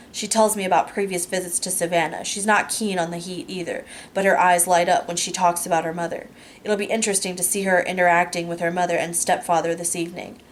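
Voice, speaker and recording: A woman reading a first-person novel aloud, steady and unhurried, with small self-corrections. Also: fairly low pitch, slight background noise. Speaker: audiobook narrator.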